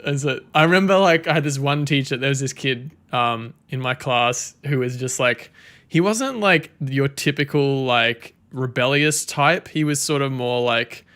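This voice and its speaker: A man's voice: medium pitch, moderate pace, a bit bright, smooth. A man chatting casually on a live stream, rambling and swearing freely.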